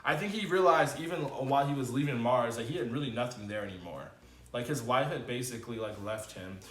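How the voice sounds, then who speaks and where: A man giving a casual, animated spoken TV review, with loose slangy talk and many fillers. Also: a little fast, reverberant. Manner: animated, swings into high excited exclamations. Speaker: TV review vlogger.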